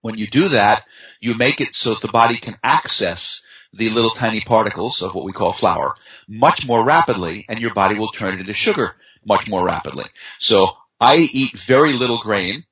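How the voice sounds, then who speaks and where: A man talking in an unhurried, chatty way as a guest in a conversation, with fillers and easy storytelling. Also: fairly low pitch, lively intonation, sharp tone. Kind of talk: casual conversation. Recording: dull lo-fi sound.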